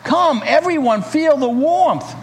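A man voicing a hopeful young cave woman, speaking softly with wonder. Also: extremely high pitch, animated, slow pace, voice pushed up, heavily acted. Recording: reverberant hall, faint hiss.

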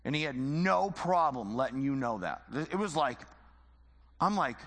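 A man's voice: mid-range voice, lively intonation, unhurried, fairly bright tone, in a large hall. A man teaching the Bible informally, conversational and full of rhetorical questions and repeated phrases.

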